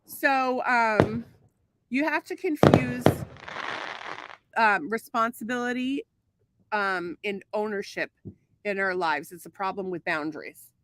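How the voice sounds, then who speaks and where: A woman co-hosts a casual podcast outdoors by a home pool, sounding exasperated and peppering her speech with swearing and filler ums. Her medium-pitched voice moves slowly, broken by long pauses, and the recording is very noisy.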